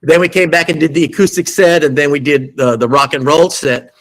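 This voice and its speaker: A man who is a guest musician, telling lively anecdotes in an interview and acting out the quotes. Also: on the high side, brisk, rough recording. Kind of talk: storytelling interview.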